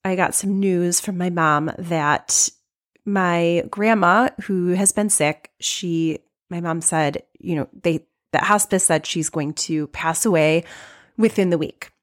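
A woman's voice: on the low side, takes it slowly. Sad, reflective woman podcast host. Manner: open, reflective, with many restarts and soft laughs. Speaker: podcast host and life coach. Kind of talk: personal podcast monologue.

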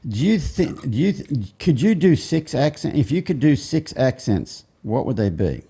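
A man's voice: mid-range voice, sing-song, normal speed, vocal fry, warm tone, husky. A man hosting a podcast, joking and giggling as he asks his guest questions. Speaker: podcast host. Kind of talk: casual interview chat.

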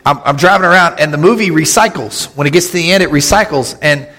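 Joking pastor in a reverberant church. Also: male voice, a little high, sharp tone. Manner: joking, conversational, with quick asides and laughs. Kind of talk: casual humorous sermon. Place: church sanctuary. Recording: long hall reverb in a church.

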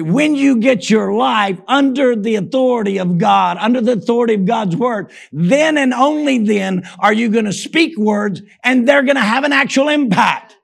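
Emphatic gravelly-voiced male preacher. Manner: emphatic preaching, repeated call-and-response "Amen?"; rises to shouts for emphasis, drops low and soft. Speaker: pastor. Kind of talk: sermon.

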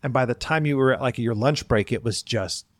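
A middle-aged man co-hosting a podcast, telling animated stories in casual chat and acting out the people he quotes. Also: medium pitch, fairly quick, no room sound, studio quality. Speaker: podcast co-host.

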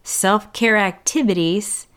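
A woman speaking to her viewers in a slow, unhurried monologue at a middling pitch. She is blunt and openly sarcastic. She leans hard on key words and lets pauses hang. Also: fairly even intonation, a bit bright, clean tone. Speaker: relationship and self-care vlogger. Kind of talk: casual direct-to-camera monologue.

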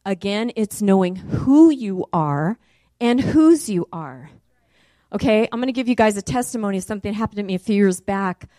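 Woman, middle-aged, preacher, sermon with testimony, mid-pitched, dry close recording. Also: moderate pace, dry recording. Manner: animated, rising loud and high in the story.

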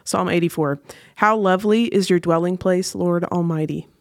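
A woman hosting a podcast, chatting casually and reading scripture aloud at an unhurried pace. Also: fairly low pitch, fairly even intonation. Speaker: podcast host.

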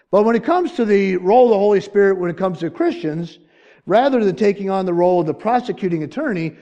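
Earnest male preacher, rising and falling. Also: high voice. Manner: earnest preaching, swings from loud pleading to hushed and choked up. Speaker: pastor. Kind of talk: sermon.

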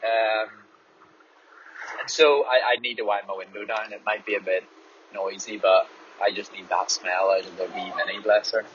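A man's voice: on the low side, fairly even intonation, normal speed, fairly bright tone. Candid man talking while driving. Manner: candid, rambling, swears freely. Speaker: distance runner and podcast host. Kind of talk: casual reflective monologue. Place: small car, driving. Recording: dull audio, faint road noise.

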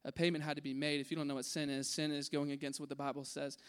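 A man with a high voice gives a relaxed, conversational sermon to a room full of people. He acts out voices in his story and swings from loud to hushed. His voice rings with a long hall reverb. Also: fast, smooth. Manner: animated, acts out voices in his story, drops to a hush at key points. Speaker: preacher. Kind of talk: casual sermon. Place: large room with an audience.

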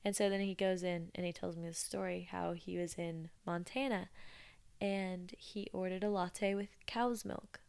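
Gravelly low-voiced woman telling stories. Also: steady tone, normal speed, darkish tone. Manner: chatty, amused, retelling customer stories. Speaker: podcast host. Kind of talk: casual storytelling monologue.

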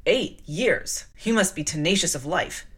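A woman reading the lines of a brusque, imperious middle-aged gentleman in a gruff, clipped, demanding way, in an audiobook. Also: fairly low pitch, expressive, a little slow, full character voice.

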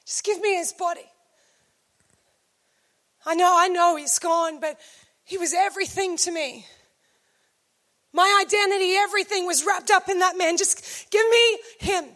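A woman's voice: extremely high pitch, steady tone, measured pace, pauses often, a bit bright. A woman preacher voicing a grieving woman who pleads insistently during a sermon. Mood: pleading. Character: grieving woman clinging to her loss.

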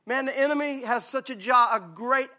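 A male pastor from Mississippi, preaching a lively, joking, conversational sermon. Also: very high-pitched, moderate pace. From Mississippi, USA.

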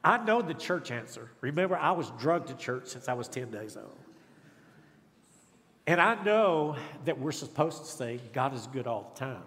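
Preaching as a guest in a church sanctuary, this middle-aged man fills his sermon with folksy humor and stories that poke fun at himself. He speaks at a normal pace in a slightly bright, high-leaning voice with big swings in pitch. The congregation responds in the background, and the sound carries a long church reverb.

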